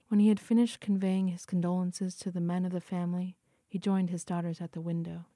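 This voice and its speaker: A woman narrating a story aloud in a quiet, hushed voice that often sinks to a whisper. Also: fairly low pitch, little pitch movement, a little fast, no room sound, clean studio sound. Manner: hushed, frequently dropping to a whisper. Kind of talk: audiobook reading.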